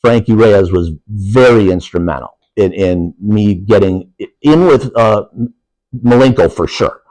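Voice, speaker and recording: A fairly low, slightly slow, somewhat mellow male voice with no room sound, on a rough recording. He's a middle-aged wrestling guest with an Upper Peninsula Michigan accent, rambling and laughing easily in casual podcast chat.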